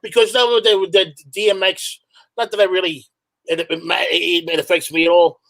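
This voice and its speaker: A man's voice: high voice, little pitch movement, moderate pace, gravelly, fairly bright tone, poor audio. A middle-aged man with a New York accent, chatting as a guest, profane and rambling as he tells stories. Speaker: guest, hardcore musician. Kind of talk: casual chat, storytelling.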